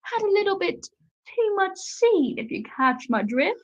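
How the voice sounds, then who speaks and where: A prim, pompous gentleman detective, played by a woman in a student stage play, fond of proper turns of phrase. The speech is unhurried and the pitch rides high and lively. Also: dull audio, full character voice. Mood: amused. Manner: prim, posh-sounding phrasing. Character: fussy, pompous male detective, prim and polite.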